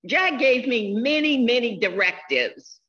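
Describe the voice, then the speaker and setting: Slow, bright-voiced woman in her sixties. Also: fairly high pitch, lively intonation, dull audio. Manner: slow, heartfelt storytelling. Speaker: eulogy speaker. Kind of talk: funeral eulogy.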